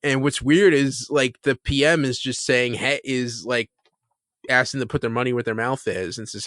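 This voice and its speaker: A man's voice: medium pitch, normal speed, a bit bright, no echo. Guy cohosting a tv recap show, rambly, lots of restarts and laughs, dry close mic. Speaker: podcast co-host. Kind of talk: casual chat.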